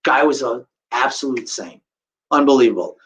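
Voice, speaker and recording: A man's voice: mid-range voice, expressive, normal speed, fairly bright tone, rough recording. A middle-aged man giving a live storytelling talk to an audience, acting out the voices of the people in his story. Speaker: guest speaker telling a survivor story.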